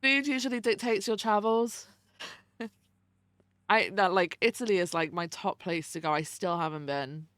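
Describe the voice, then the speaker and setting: A woman's voice: medium pitch, moderate pace, fairly bright tone, dry recording, studio quality. A young adult woman streamer chatting casually with her viewers, greeting them by name and swearing freely. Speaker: livestreamer.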